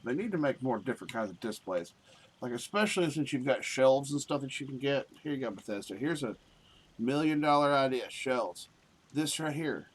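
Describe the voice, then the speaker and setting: A man's voice: mid-range voice, expressive, moderate pace, breathy edge. A man chatting casually and profanely while streaming a game. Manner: rambling, profane, easygoing. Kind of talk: casual live-stream chat.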